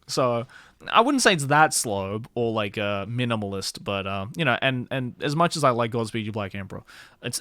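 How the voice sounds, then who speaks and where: A man's voice: medium pitch, fairly bright tone, no room sound, studio quality. A young man streaming casually, rambling about music with lots of fillers and casual swearing. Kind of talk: casual livestream chat.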